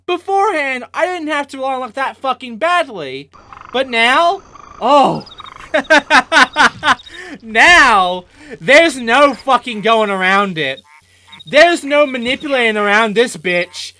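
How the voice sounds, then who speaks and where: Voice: high-pitched, expressive, a little slow, pushed and bright, a little hiss or hum. A gaming host giving let's play commentary, ranting in a profane, exasperated way.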